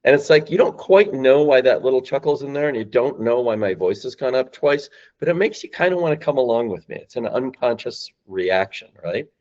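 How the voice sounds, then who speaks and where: A man's voice: mid-range voice, animated, a little fast, few pauses, a little mellow, muffled recording. A man explaining sales calls on a podcast, emphatic and acting out phone lines. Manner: emphatic, acts out phone lines, rising and falling voice. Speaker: guest, sales company founder.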